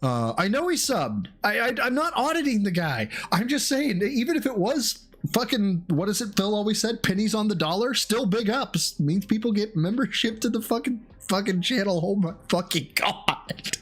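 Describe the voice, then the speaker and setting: A man hosting a casual livestream, excitable and rambling, swearing freely as he thanks viewers. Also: high voice, normal speed. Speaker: streamer host.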